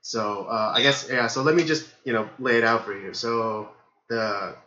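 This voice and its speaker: Hoarse male podcast host, rambling casual chat, bright edge, roomy and dull lo-fi sound. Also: medium pitch, steady tone, normal speed, slight background noise. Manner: rambling, many fillers.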